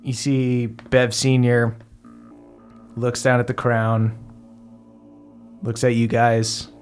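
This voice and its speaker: Slow-narrating male game master. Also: mid-range voice, level tone, soft background music. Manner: unhurried, filler-heavy description.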